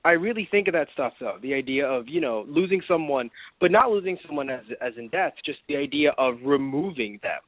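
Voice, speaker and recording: A man's voice: on the high side, lively intonation, fairly quick, hardly any pauses, no room sound. A man co-hosting a podcast in casual chat, rambling with lots of fillers and restarts. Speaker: podcast co-host. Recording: dry, tinny phone-like sound.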